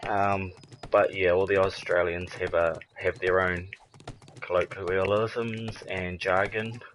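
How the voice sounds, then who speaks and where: A low-voiced man with a New Zealand accent, talking casually with friends over a game party chat. His tone is deep yet bright and forceful, relaxed and easygoing, with a bit of a hum underneath. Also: slow pace, rough recording. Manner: laid-back, chuckling, swears casually. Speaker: gamer chatting in an online party.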